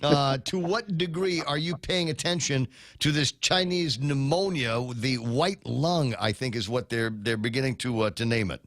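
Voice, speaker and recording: A man hosts a morning talk radio show, talking loosely and joking as he goes. His voice sits at an ordinary pitch and comes through a studio microphone, close and dry with no room sound. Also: normal speed, a bit bright, no echo. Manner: rambling, joking, conversational. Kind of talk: casual talk radio chat.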